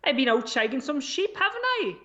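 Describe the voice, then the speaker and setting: A man's voice: very high voice, big pitch swings, fairly quick, pushed and bright, dull audio, voice pushed up, full character voice. A man putting on a crude sweary Welshman. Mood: boastful grumbling. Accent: Welsh, put on. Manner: crude, sweary, amateur impression. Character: crude sweary Welsh man moaning about his bad season.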